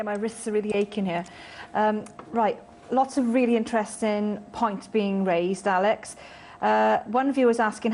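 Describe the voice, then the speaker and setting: A woman reading out viewer texts and questions on a TV talk show, brisk, with filler uhs. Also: medium pitch, a little mellow, slight background noise.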